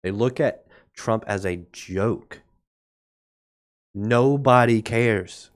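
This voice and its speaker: Blunt sarcastic man, low voice. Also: extremely slow. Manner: blunt, sarcastic, thinks aloud over charts. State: coughing now and then. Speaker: crypto market show host. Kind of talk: casual livestream market commentary.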